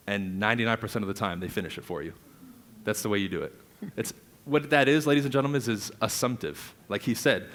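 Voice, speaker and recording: A man's voice: medium pitch, quick pace. A man coaching a live audience on real estate prospecting, energetically acting out client dialogue. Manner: energetic, acts out client dialogue, laughs often. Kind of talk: live seminar teaching.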